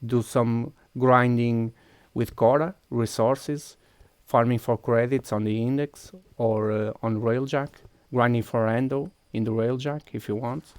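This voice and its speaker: Portuguese-accented man with a gravelly voice. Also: medium pitch, steady tone, measured pace, few pauses, a little mellow, no echo. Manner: walks viewers through steps while clicking, thinking aloud. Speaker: game streamer. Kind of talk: casual live-stream chat.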